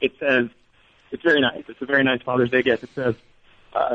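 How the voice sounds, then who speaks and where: A man's voice: medium pitch, little pitch movement, a little fast, a bit bright, muffled recording. A man from Illinois calling in to a radio show, polite and hesitant, with stammers. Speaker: caller. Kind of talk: phone-in call.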